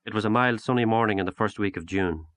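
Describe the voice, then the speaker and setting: A man narrating a literary short story in a measured, unhurried audiobook reading. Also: lowish voice, fairly bright tone, no echo.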